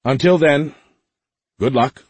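A man voicing a ruthless, domineering male ship captain who gives loud, commanding orders in a husky voice. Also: a little high, slow pace, dry recording, voice pushed up.

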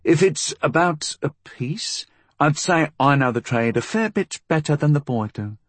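Shabby gunsmith, voiced by a man, pitched high and raspy, humble dialect. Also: expressive, unhurried, no echo. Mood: wary, deferential. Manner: deferential working-class speech with ungrammatical dialect. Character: shabby whiskered male gunsmith, wary and folksy. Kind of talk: audiobook character voice.

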